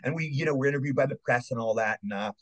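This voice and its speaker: A man's voice: medium pitch, rapid-fire, a bit bright. An older man from Maryland, a guest actor, telling eager, rambling stories in a casual interview. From Maryland, USA. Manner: rambling, eager anecdotes with restarts.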